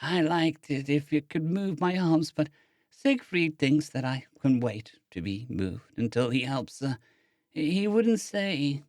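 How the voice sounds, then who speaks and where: A man's voice: on the high side, expressive, darkish tone, no echo, clean studio sound, pitched above the performer's own voice. A man doing a drowsy, dreamy injured girl. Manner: slow, dreamy, humming speech. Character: drowsy injured girl on painkillers, gentle, loyal. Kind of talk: audiobook character voice.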